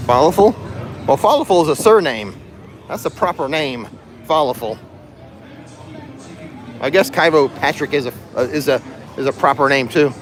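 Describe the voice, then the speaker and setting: A man's voice: a little high, expressive, normal speed, pauses often. A man chats casually on a livestream as he strolls outdoors, his voice swinging up and down with animation. He jokes around and laughs at his own jokes. Faint music and the murmur of a crowd drift in behind him. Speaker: livestream host. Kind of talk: casual livestream chat while walking. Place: outdoors in a theme park. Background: music and crowd in the background.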